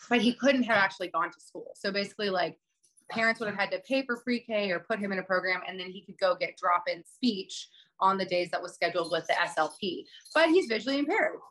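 A woman's voice: medium pitch, fairly quick, poor audio. Woman in her thirties, podcast co-host, chatty storyteller full of ums, spikes up when fired up. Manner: animated, lots of fillers, rises sharply when indignant. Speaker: podcast co-host, special education advocate. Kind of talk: casual storytelling chat.

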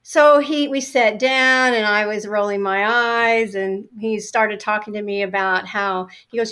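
A middle-aged woman shares a story from her working life as an interview guest. She tells it with energy and acts out her own past replies, at an ordinary mid-range pitch. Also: fairly even intonation, measured pace, hardly any pauses, bright, forceful tone, smooth.

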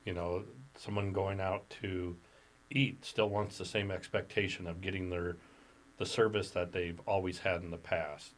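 Deep-voiced man chatting as a guest. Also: level tone, normal speed, poor audio. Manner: conversational, many "you know" fillers. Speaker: podcast guest. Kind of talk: casual podcast chat.

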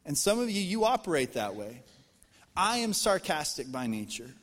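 An American man preaching with a fairly high voice, chatty and joking as he addresses the congregation. His voice rings out in a church hall with a long, lingering reverb. The delivery is animated and casual rather than formal. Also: moderate pace. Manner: animated, conversational preaching with jokes. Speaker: pastor. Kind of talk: sermon. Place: church auditorium.

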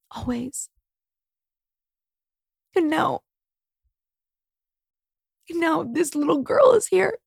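High, gravelly-voiced woman in her thirties. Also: darkish tone, no room sound, studio quality. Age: 30s. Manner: raw, candid, swears freely. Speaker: podcast host. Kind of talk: emotional solo podcast monologue.

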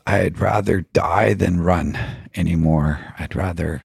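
Deep, husky man, musing earnestly. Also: steady tone, normal speed, darkish tone, dry recording, clean studio sound. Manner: earnest, musing, with frequent rhetorical questions; laughs now and then while telling stories. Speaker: podcast guest. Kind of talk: reflective spiritual storytelling.

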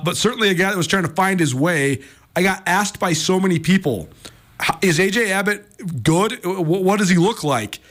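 A man's voice: high voice, a bit bright. An American man hosting a sports radio talk show, rambling and chatty with lots of fillers and restarts.

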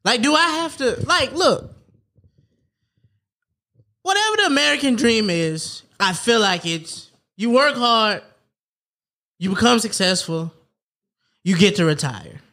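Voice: mid-range voice, big pitch swings, a little slow, pauses often, sharp tone. A young adult co-hosting a casual podcast chat, talking emphatically and swearing freely. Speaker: podcast co-host.

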